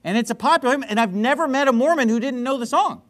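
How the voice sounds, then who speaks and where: A man delivers a sermon in a high voice. He is blunt and plain-spoken, stops and restarts often, and acts out both sides of the conversations he recounts. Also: fast, a bit bright. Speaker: pastor.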